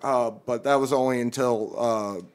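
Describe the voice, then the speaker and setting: A young man, a comedian on a podcast, telling a long story among friends, swearing freely and acting out the people in it with raised, louder voices. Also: medium pitch, normal speed, clear, resonant tone. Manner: profane, animated storyteller who acts out quotes loudly.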